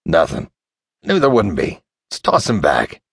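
A man's voice: low-pitched, wildly swooping pitch, measured pace, creaky, breathy edge, dry recording, studio quality, full character voice. A male narrator voicing a blunt, grumbling thirty-year-old man.

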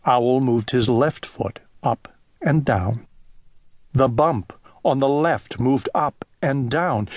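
A man narrating a children's storybook audiobook in a gentle, deliberate storytelling manner. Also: mid-range voice, no echo.

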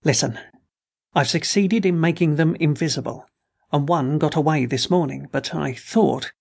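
Man doing a stern old inventor, suspicious, gravelly and husky, audiobook character voice. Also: a little high, moderate pace, darkish tone. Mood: anguished. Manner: severe, suspicious, groaning. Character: suspicious, secretive older male inventor, a father.

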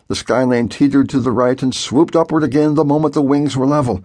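A man narrating a children's adventure audiobook in a vivid, expressive storytelling manner. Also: medium pitch, fairly quick, hardly any pauses, breathy edge, dry recording, clean studio sound.

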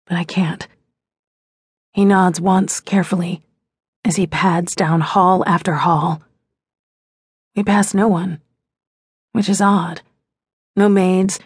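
A woman's voice: fairly low pitch, steady tone, measured pace, long pauses, darkish tone, breathy edge, no room sound. A woman narrating a first-person romance audiobook in a wry, intimate storytelling manner on a close studio mic.

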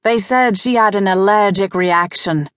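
A woman's voice: on the high side, measured pace, no echo, clean studio sound, close to an everyday voice. A woman narrating an audiobook, voicing a grieving, bitter male ghost who is a father. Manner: bitter, insistent. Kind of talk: audiobook character voice.

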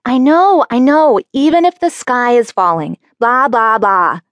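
A woman's voice: sits high, normal speed, no echo, pitched above the performer's own voice. A woman voicing a whiny teenage girl pleading. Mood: eye-rolling. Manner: excited, pleading, exaggerated. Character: seventeen-year-old girl, pleading and whiny. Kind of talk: audiobook character voice.

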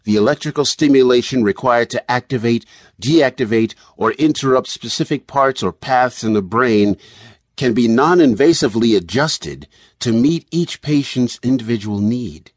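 A man voicing a calm, confident male brain surgeon who explains in a measured way. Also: mid-range voice, dry recording, clean studio sound, close to an everyday voice.

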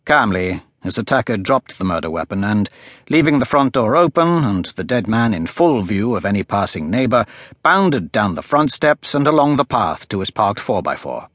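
A man narrating a crime thriller audiobook in a steady, measured, unhurried manner. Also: on the low side, no room sound, clean studio sound.

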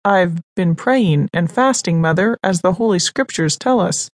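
A woman reading the part of a calm, gentle young man, speaking to his mother in a soft, measured way. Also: fairly low pitch, dry recording.

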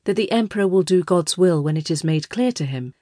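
Casting: woman doing a young male secretary in an audiobook, careful and composed, a low voice. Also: expressive, brisk, mellow, no room sound, clean studio sound. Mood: guarded.

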